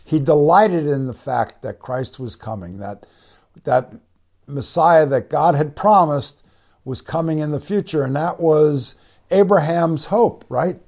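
Explaining Greek words by spelling them out slowly, a man preaches a conversational bible-teaching sermon. His voice is on the high side with a darkish tone, and his speech is full of fillers, restarts, and "you know" between phrases.

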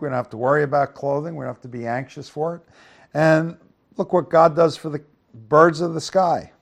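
A man teaching through Bible verses, reading scripture aloud and then explaining it in an easygoing, conversational way, often checking in with the listeners. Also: gravelly. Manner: reads scripture louder, then explains in a low conversational aside; asks the listeners "right?" and "okay?". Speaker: preacher.

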